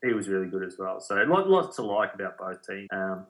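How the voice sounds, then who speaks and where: Bright-voiced Australian man talking football. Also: low-pitched, brisk. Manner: relaxed footy analysis, many fillers. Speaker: podcast co-host. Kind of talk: casual chat.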